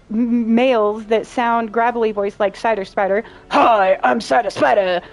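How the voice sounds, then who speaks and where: Young female streamer, sarcastic, swears a lot, slightly high voice. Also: darkish tone. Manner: blunt, profane, sarcastic. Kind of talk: casual chat while playing. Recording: faint game music behind.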